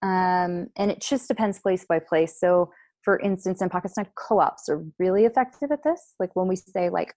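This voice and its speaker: A woman's voice: fairly low pitch, normal speed, a little mellow, no echo, studio quality. A woman who leads a nonprofit program, answering interview questions in an earnest, explanatory way with many fillers.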